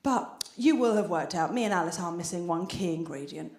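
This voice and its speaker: Lively British woman doing stand-up. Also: fairly low pitch, brisk, roomy sound. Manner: chatty, conspiratorial asides to the crowd. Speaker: stand-up comedian. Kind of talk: stand-up comedy routine. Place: theatre stage before an audience.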